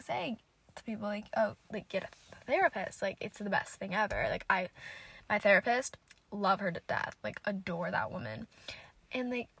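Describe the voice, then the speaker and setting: A woman's voice: mid-range voice, fairly bright tone, husky. Rambling young woman recapping a show. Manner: rambling, heavy use of "like", frequent restarts. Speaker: podcast host. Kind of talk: casual solo podcast recap.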